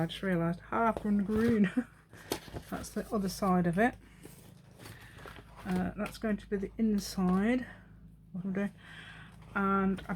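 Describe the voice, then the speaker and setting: A woman's voice: medium pitch, a little mellow, slight background noise. A woman in her fifties chatting and rambling as she makes a craft piece at home, talking to herself and laughing often. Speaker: craft vlogger.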